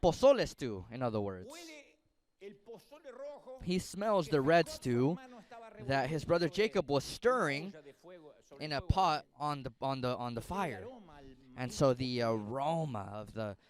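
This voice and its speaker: A male pastor preaching a sermon as an animated storyteller who jokes with the congregation. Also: medium pitch, unhurried, pauses often.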